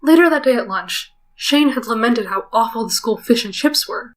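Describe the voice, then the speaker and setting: A woman's voice: fairly high pitch, expressive, moderate pace. A woman reading a visual novel aloud and breaking off for wry, self-conscious comments. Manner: wry, self-conscious asides between read lines. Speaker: let's player.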